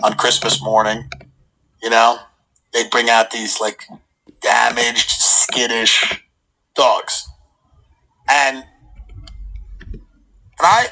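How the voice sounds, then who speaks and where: A man's voice: mid-range voice, slightly rough, low-quality recording. A man hosting a casual chat, telling funny stories and acting out the people in them. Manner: animated comic storyteller, acts out quotes.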